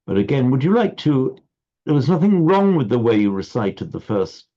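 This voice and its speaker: A man teaching a recitation class over a video call, explaining patiently with frequent halting restarts. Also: medium pitch, very animated, dark tone, lo-fi sound. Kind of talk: online class instruction.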